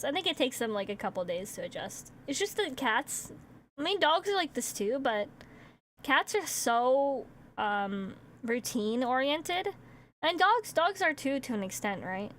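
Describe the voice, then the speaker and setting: A woman's voice: high voice, a bit bright, a little hiss or hum. A young woman streamer rambling in casual chat, with lots of fillers and acted-out asides.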